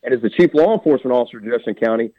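A man's voice: mid-range voice, expressive, rapid-fire, dry recording. A blunt, plain-spoken man with a drawl, speaking as a radio guest. His voice comes through a thin, tinny phone line. The sound is bone dry, with no room around it. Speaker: sheriff candidate, radio guest.

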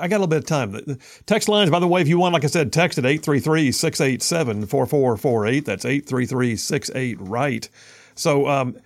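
A man's voice: mid-range voice, vocal fry, dry recording. A man hosting a political talk radio show in an emphatic, folksy, sarcastic way. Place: radio studio.

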